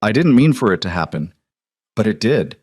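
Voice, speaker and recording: A man's voice: lowish voice, sing-song, moderate pace, darkish tone, no echo, studio quality. A man voicing an innocent young woman. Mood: earnest.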